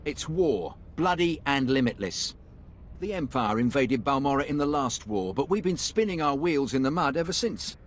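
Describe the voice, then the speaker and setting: Man voicing a confident imperial army captain, game character, salesman-like pitch, lively swinging intonation, faint hiss behind. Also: moderate pace, close to an everyday voice. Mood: brisk. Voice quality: slick salesman-like delivery. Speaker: military officer in a game. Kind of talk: game voice acting.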